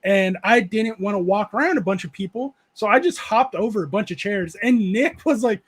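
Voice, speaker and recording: A man with a fairly high, husky voice hosts a relaxed livestream chat show at a moderate pace. He reads viewer comments aloud and wanders into loose, rambling stories, laughing often and peppering his speech with "uh" and "like".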